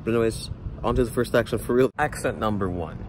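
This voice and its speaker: Young dude rambling on his vlog, kinda low voice, cars going by. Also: fast talker. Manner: rambling, filler-heavy. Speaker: YouTuber. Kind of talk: casual vlog talk. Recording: outdoor traffic noise.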